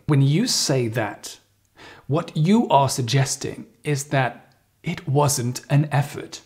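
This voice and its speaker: A man giving an English lesson as the teacher, playfully acting out phrases with exaggerated intonation. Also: fairly high pitch. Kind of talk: video lesson.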